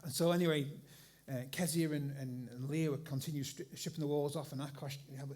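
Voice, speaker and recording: A middle-aged man, preaching in a church and telling a rambling, animated story full of restarts. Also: a little high, a little fast. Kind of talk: sermon story. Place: church hall with congregation.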